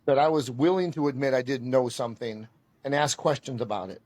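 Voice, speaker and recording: A man telling stories as a podcast guest, animated and self-deprecating as he talks about his karate training. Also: mid-range voice, fairly quick. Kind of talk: storytelling in casual conversation.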